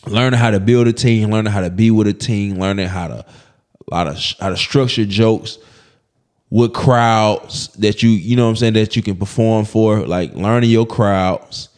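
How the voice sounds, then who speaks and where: A comedian from Birmingham, telling stories in a casual interview, full of restarts and laughter. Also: male voice, lowish voice, moderate pace. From Birmingham, Alabama. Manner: animated, repetitive restarts, laughing as he tells stories. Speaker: comedian guest.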